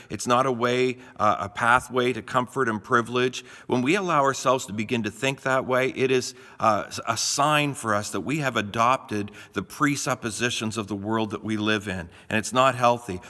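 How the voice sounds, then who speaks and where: Bright-voiced pastor in a reverberant room. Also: male voice, mid-range voice. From Canada. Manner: conversational, folksy, with frequent restarts. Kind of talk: short devotional talk. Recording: long reverb, roomy.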